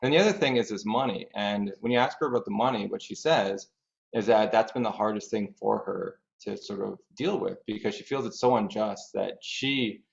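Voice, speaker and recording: A man's voice: fairly low pitch, moderate pace, creaky. A man, a grief dream researcher, explaining thoughtfully through examples as a podcast guest. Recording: dull lo-fi audio.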